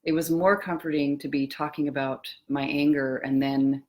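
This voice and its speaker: A middle-aged woman giving a reflective talk on eating and emotions, speaking softly and slowly with pauses and trailing phrases. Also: low-pitched, fairly even intonation. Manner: slow, soft and musing, with pauses and trailing phrases.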